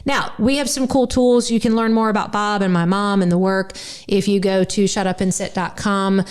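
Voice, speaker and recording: A woman from the United States with a slight North Carolina twang, hosting a podcast in earnest, animated conversation. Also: medium pitch, moderate pace, clear, resonant tone. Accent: North Carolina Southern. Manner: earnest, animated, many restarts. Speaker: podcast host.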